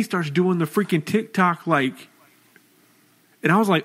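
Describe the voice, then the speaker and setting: A young man co-hosting a podcast, telling lively stories about his young son in casual chat. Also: a little high, moderate pace, pauses often, slightly rough. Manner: animated storytelling, acting out his son. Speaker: podcast co-host.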